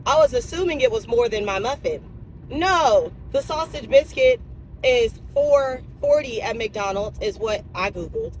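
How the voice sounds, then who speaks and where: A woman's voice: on the high side, a little slow. Chatty, emotional young woman talking from her car. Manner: chatty, emotional and animated, addresses viewers as y'all. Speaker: vlogger. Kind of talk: casual chat. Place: in a car on a drive-thru run. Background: vehicle noise.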